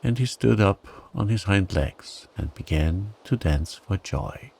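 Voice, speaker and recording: A man narrates a bedtime story in a calm, gentle, soothing way. His voice is low and grainy with creak, and he takes his time over every phrase. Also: measured pace.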